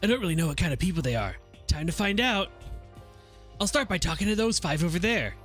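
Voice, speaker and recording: A streamer reads a visual novel aloud and chats in between, in a brisk, matter-of-fact way. The voice moves around a lot in pitch. Faint music plays behind. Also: expressive, fairly bright tone. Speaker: VTuber streamer.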